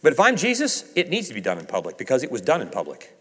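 A man preaching a sermon, swinging from raised emphasis to hushed low passages and acting out quoted dialogue. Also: wildly swooping pitch, quick pace, breathy edge. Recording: reverberant hall.

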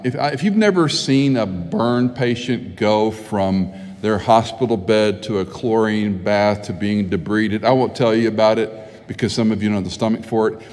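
The pastor, a middle-aged man, has a fairly low and slightly mellow voice as he preaches. His sermon moves from conversational storytelling to emphatic delivery, and the hall adds long reverb.

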